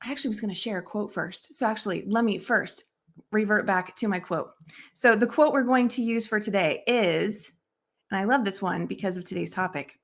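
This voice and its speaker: A woman's voice: medium pitch, a little fast. A woman hosting a podcast, upbeat with guests and soothing when she leads a reflection. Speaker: podcast host.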